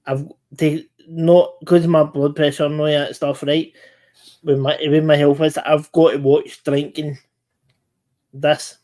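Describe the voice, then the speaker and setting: A man's voice: on the high side, little pitch movement, unhurried, dark tone. A British man hosting a casual chat, eager to jump in with his own comments and tips. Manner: chatty, eager interjections. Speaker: host.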